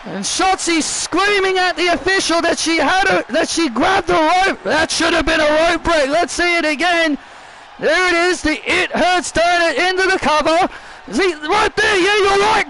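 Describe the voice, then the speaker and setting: A man giving excited play-by-play commentary on a wrestling video game, often repeating and restarting his phrases. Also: very high-pitched, normal speed, creaky, heavy background noise. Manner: repeats and restarts phrases, shouts at big moments.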